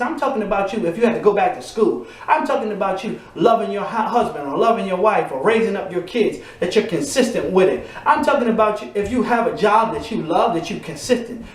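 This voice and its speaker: Man, motivational preacher, emphatic, repeating refrains, roomy echo. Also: high-pitched. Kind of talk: motivational sermon. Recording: echoey room.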